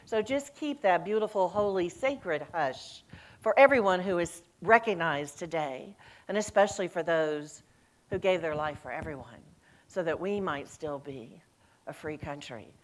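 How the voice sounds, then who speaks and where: Preaching a sermon, this middle-aged senior minister tells animated stories, letting her voice rise and fall and performing the quotes herself. Her pitch is fairly low and her pace a little slow.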